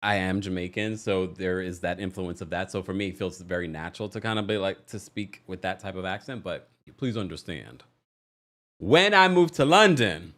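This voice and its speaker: Brief: American male host, animated call-in chat, very lively pitch. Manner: animated, chatty, laughs often. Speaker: podcast host taking callers. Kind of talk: casual call-in show chat.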